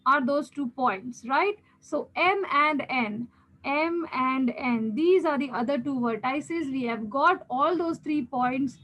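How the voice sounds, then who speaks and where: Expressive and unhurried, with hardly any pauses, this woman speaks in a high, fairly bright voice over poor audio. The Indian English-accented maths teacher leads a step-by-step geometry lesson, patiently repeating key steps and checking in with her students.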